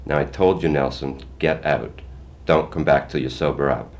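A man voicing a firm, protective working mother who stays steady and calm, speaking gently to her children. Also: extremely low pitch, moderate pace. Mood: stern.

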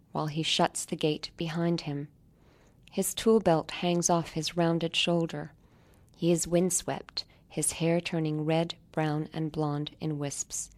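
Woman author, low voice, measured literary reading with soft hushed moments. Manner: measured, softly dropping to near-whispers. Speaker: author reading her own story.

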